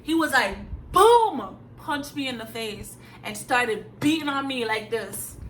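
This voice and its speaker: A woman's voice: fairly high pitch, measured pace, a bit bright, slight background noise, poor audio. A young woman from Jamaica, telling a personal story in a blunt, emphatic way with casual slang. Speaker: vlogger. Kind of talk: candid storytime vlog.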